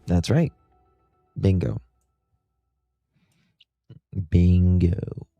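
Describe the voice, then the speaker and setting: Male livestream host, deep mellow voice, dry close sound, ponders aloud. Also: lively intonation, drawn-out words, vocal fry, dry recording, highs cut off, soft background music. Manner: musing, thinks aloud with rhetorical questions. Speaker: true-crime livestream host. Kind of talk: casual livestream commentary.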